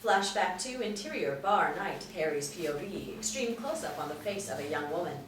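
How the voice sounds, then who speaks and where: A woman with a fairly low voice reads stage directions crisply. The mic is distant and the room is roomy, with faint noise. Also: lively intonation, normal speed. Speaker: narrator.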